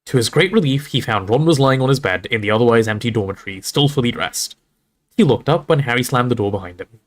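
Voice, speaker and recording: On a livestream, a man reads a novel aloud with expressive storytelling flair, tossing casual asides to his viewers. His voice sits at a medium pitch and moves at a quick pace.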